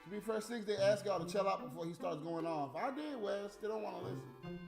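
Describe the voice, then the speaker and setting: Man ranting on a livestream, high voice, swooping pitch, echoey room, loud music behind. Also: expressive, a little fast, creaky. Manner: profane, mocking, mimics high squeaky voices. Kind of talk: casual livestream rant.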